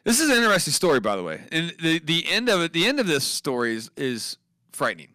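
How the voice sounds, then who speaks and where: A man co-hosting a casual live show, excitable and profane, laughing often as he reads out odd news stories. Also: a little high, fast, no room sound, clean studio sound. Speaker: co-host.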